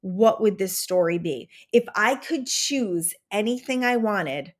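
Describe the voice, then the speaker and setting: A woman hosting a podcast, giving a casual motivational talk with animated enthusiasm and a slight Southern American twang. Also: medium pitch, measured pace. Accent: drifting into a Southern American twang. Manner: animated, enthusiastic, conversational with many fillers. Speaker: podcast host and manifestation coach.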